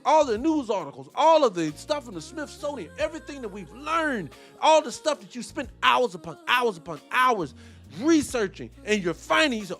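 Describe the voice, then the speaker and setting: Man, very high voice, lively swooping pitch, heated profane commentary, faint music behind. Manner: animated, profane, rhetorical questions. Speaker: host reacting to a debate clip.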